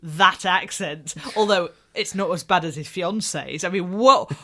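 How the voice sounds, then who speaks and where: A woman's voice: fairly low pitch, moderate pace. A woman co-hosting a podcast, chatting casually about a TV show and laughing often. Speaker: podcast co-host. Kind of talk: casual TV review chat.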